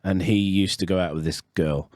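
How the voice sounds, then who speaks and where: A low-pitched man talks in loose podcast chat, spinning a grim anecdote with crude jokes, swearing and stopping to restart his sentences. The sound is close and dry, with no room around it. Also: steady tone, dry recording. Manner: swearing, storytelling with dark humour, halting restarts. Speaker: podcast co-host. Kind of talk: casual chat.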